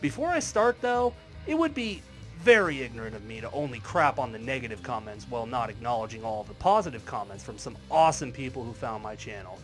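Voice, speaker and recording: A man's voice: mid-range voice, animated, fast talker, hardly any pauses, a bit bright, faint music behind. A man delivering a commentary video in a wry, sarcastic manner. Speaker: YouTube commentary creator. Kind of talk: commentary vlog.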